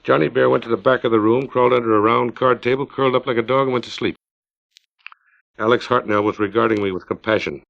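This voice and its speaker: A middle-aged man, the author, reads his own short story aloud in a steady, unhurried storytelling manner. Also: medium pitch, creaky. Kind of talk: measured literary reading. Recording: dull lo-fi 1950s LP recording.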